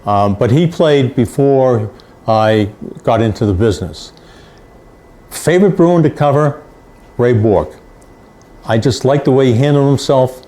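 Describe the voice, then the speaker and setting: A man's voice: mid-range voice, a little slow, pauses often, mellow. An older male sports reporter recounting stories in an anecdotal way, repeating phrases for emphasis. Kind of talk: storytelling.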